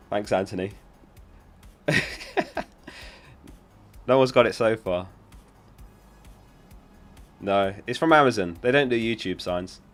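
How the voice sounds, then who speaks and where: A man's voice: fairly low pitch, takes it slowly, pauses often, soft background music. Giggly man chatting on a livestream. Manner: chatty and giggly, talking to his chat. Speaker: livestream host. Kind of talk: casual live-stream chat.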